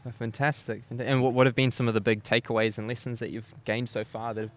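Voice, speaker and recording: A man's voice: medium pitch, level tone, fast talker. A man with a New Zealand accent hosting a casual interview, full of enthusiastic "wow" and "beautiful" reactions. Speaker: podcast host.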